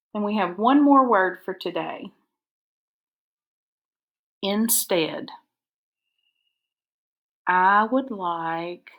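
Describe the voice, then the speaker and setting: A woman teacher, dictating spelling words and breaking them into syllables slowly and carefully for a recorded lesson. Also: medium pitch, a bit bright. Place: recorded for an online video lesson.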